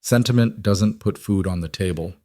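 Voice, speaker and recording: A man's voice: low-pitched, normal speed, a little mellow, no room sound, studio quality, natural voice. A man playing a smug, wealthy middle-aged bully who talks bluntly and sneers. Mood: sneering. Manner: blunt, sneering, falsely sympathetic.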